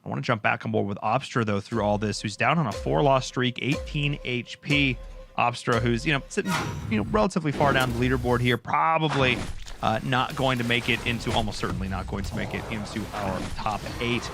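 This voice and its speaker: A man's voice: mid-range voice, a little fast, gravelly, music in the background. A man giving live esports commentary, jokey and rambling, full of fillers and asides. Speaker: esports caster.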